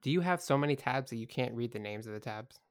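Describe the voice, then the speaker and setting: Relaxed male player, teasing banter, animated delivery. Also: medium pitch, fast, clean tone. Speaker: tabletop game player. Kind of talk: casual chat over a call.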